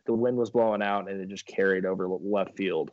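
A man's voice: deep voice, steady tone, fairly quick, darkish tone, dry recording, muffled recording. A young man talking casually as a guest, laid-back and laughing often, with many fillers. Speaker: minor league baseball pitcher, guest. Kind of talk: casual podcast chat.

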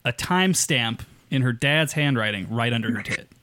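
A man's voice: medium pitch, lively intonation, normal speed, very noisy. A man co-hosting a podcast, trading crude jokes in casual chat. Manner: joking, crude banter. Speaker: podcast co-host.

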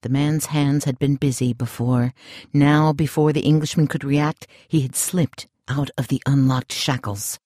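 A male narrator reads an audiobook with calm, unhurried steadiness. His voice sits in an average register, and the recording is dry and close with no room sound. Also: mid-range voice, no room sound. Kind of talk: scripted narration.

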